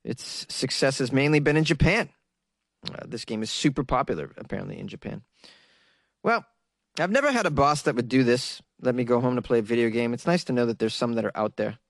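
A man's voice: medium pitch, animated, a little fast, creaky, dry recording, studio quality. A man hosting a comedic news segment, chatty and joking, asking viewers questions. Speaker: comedy show host.

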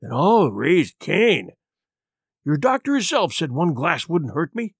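A man reading an audiobook, voicing a drunken, feeble old sea captain who pleads in rough sailor's dialect. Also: on the high side, very animated, unhurried, dry recording, studio quality, full character voice. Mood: pleading. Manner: rough seafaring dialect, wheedling.

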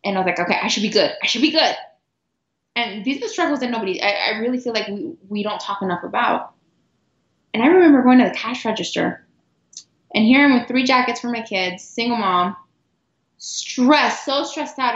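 A middle-aged woman guest telling a personal story earnestly, with halting restarts and repeated words. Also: a little high, animated. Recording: roomy, dull lo-fi sound.

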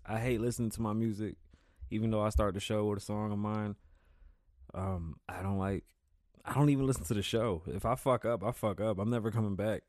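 A man hosting his own podcast, talking loosely and excitably, swearing often and stumbling over words. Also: fairly low pitch, dry recording, clean studio sound. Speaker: podcast host. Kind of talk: casual solo podcast talk.

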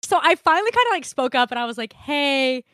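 High, bright young woman telling a story. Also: a little fast, dry recording, clean studio sound. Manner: animated, swears freely, laughs often. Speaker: podcast co-host. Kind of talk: casual storytelling chat.

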